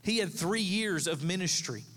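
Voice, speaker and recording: A man's voice: sits high, expressive, moderate pace, fairly bright tone, big-room sound. A man in his thirties, a pastor, preaching a sermon in a conversational, storytelling way, with asides to the congregation. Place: church sanctuary.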